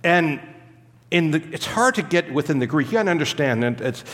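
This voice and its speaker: A man's voice: a little high, lively intonation, a little fast, a bit bright. Preacher man in a reverberant hall. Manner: teaching, emphatic, stops to explain Greek grammar. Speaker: pastor. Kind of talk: expository sermon.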